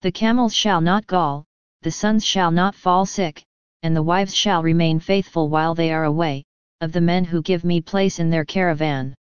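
A woman voicing an Englishman disguised as a mad wandering priest, speaking in a loud, slow, proclaiming way. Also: lowish voice, steady tone, clean tone, dry recording, highs cut off, close to an everyday voice. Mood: ranting.

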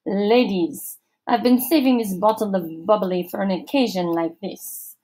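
A woman's voice: medium pitch, unhurried, dark tone, close to an everyday voice. A woman doing a smug teenage boy charmer.

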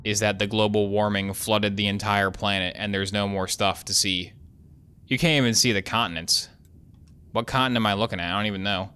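A man's voice: fairly low pitch, fast, noisy background. A man giving casual, jokey commentary while playing a video game, thinking aloud as he goes. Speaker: gaming YouTuber.

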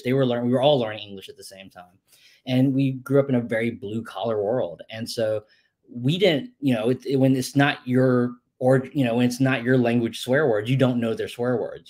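A playwright in a casual interview, telling stories in an animated way, laughing often and swearing freely. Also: male voice, mid-range voice.

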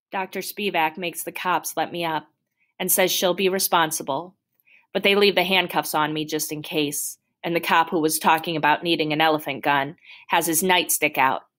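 A woman reading a novel aloud in first person with a steady, plain storytelling manner. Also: sits low. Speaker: audiobook reader.

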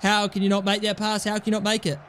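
A man's voice: high-pitched, monotone, quick pace, fairly bright tone, slight background noise. A young man giving casual commentary over his own gameplay, exasperated and sarcastic, swearing often. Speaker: gaming channel host.

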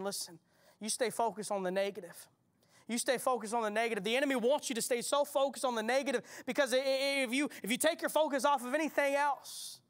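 A man's voice: very high voice, a bit bright. A male pastor preaching a sermon, repeating his key lines with rising emphasis and turning to ask the congregation questions. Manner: conversational, asks the congregation questions.

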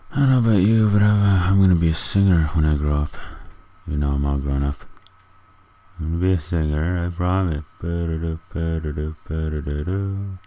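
A man's voice: a bass voice, mellow. A man giving goofy, rambling commentary while playing a video game, chatting to the animals in it. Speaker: gaming video creator. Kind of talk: casual gameplay commentary.

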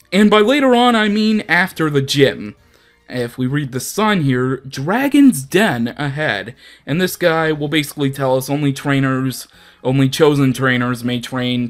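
Young male gaming host, casual and rambling, lively swings in pitch. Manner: chatty, rambling, self-deprecating. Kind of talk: casual let's play commentary.

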